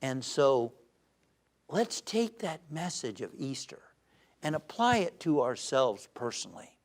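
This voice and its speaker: A man giving an uplifting sermon as a spiritual teacher, animated and shifting between loud emphasis and soft calm, who tells jokes. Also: on the high side, vocal fry. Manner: tells jokes with acted voices.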